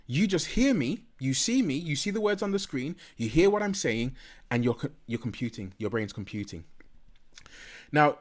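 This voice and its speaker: A middle-aged man presenting a health seminar in a lively, swooping voice that sits a little high for a man. He drives his points home by repeating key facts and stretching out the words he wants to land. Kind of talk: spoken health talk.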